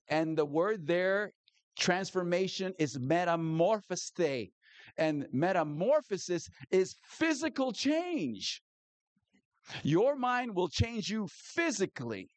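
Male pastor, lively and animated delivery, dry close sound. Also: fairly high pitch, dry recording. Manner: animated, repeats key phrases, asks the audience "okay?". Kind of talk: sermon.

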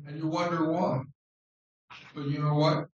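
A man preaching an informal sermon on scripture in an unhurried, conversational way, repeating words for stress. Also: a little high, level tone, lo-fi sound. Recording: very echoey room, distant mic.

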